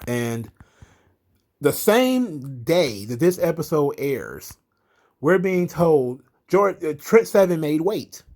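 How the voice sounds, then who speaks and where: A man's voice: fairly high pitch, very animated, takes it slowly, a little mellow. A man giving a casual, sarcastic recap of a wrestling show, swearing often and speaking bluntly. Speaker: wrestling commentary host.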